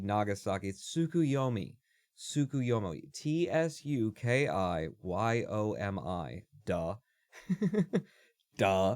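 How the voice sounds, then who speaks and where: A man's voice: medium pitch, a little mellow, dry recording, studio quality. A man live streaming while he codes, chatting casually in a rambling, joking way that keeps breaking off mid-thought. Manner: rambling, joking, self-interrupting.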